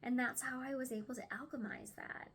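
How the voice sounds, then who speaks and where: A woman's voice: high-pitched, fairly even intonation, brisk, fairly bright tone, slight background noise. A young woman chatting casually at home through a tarot card reading, stumbling over words now and then and sometimes dropping to a whisper.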